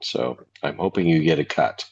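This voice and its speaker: Very deep raspy man, lo-fi. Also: fairly even intonation, normal speed. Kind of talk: casual chat.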